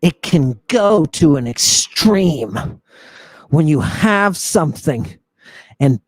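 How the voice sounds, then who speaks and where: A man hosting a live lecture for viewers, talking in a theatrical, mocking, preacher-like way and stressing his words slowly. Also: fairly high pitch, expressive, no echo. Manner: slow and emphatic. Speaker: host.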